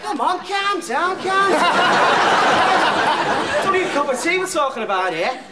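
An actor playing a touchy young man who squabbles and shouts, in a TV comedy sketch. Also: very high voice, lively intonation, unhurried, a loud crowd, heavy background noise. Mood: squabbling. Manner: argumentative, shouty. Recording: echoey TV sketch with loud audience laughter.

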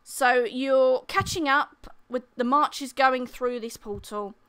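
A woman dungeon master narrating a tabletop game in a chatty, lively way. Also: high voice, takes it slowly, smooth. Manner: lively, chatty, laughs often.

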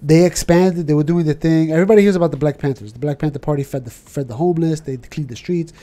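A man with a New York accent, co-hosting a podcast in casual chat and ranting with animated questions. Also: a little high, fast. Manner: animated, ranting, keeps asking "you know what I'm saying". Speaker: podcast co-host.

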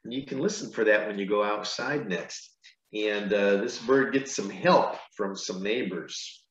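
A man, a pastor, reading a picture book aloud to children, with gentle, chatty asides between pages. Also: on the low side, unhurried. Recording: echoey room, dull lo-fi sound.

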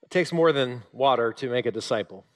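In this sermon, a man with a mid-range voice talks fairly quickly, telling stories with animated emphasis and sudden dips into quietness.

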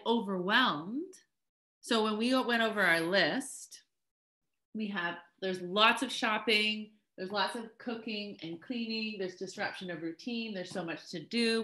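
A woman's voice: medium pitch, sharp tone. A middle-aged woman leading a coaching webinar in a chatty, upbeat way, full of fillers and little acted-out quotes. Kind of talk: casual teaching talk.

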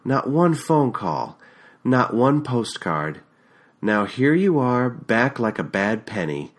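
Man doing a middle-aged woman, bitter, mocking, sharp-tongued, flares into shouting, audiobook, USB condenser mic. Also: medium pitch, very animated, slow pace. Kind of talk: audiobook character reading.

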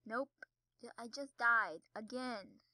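Young woman gamer, high, bright and bouncy, chatty and giggly, dry close desk mic. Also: slow, no room sound, rough recording. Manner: chatty, giggly, yelps when falling. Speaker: gaming video creator. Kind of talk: casual gameplay commentary. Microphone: desk mic with audible keyboard.

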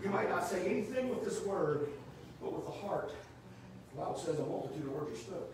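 A man preaching a sermon in a church, rising to shouts and dropping low. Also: lively intonation, fairly quick, background noise. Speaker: pastor. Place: church sanctuary. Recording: echoey church room from far off.

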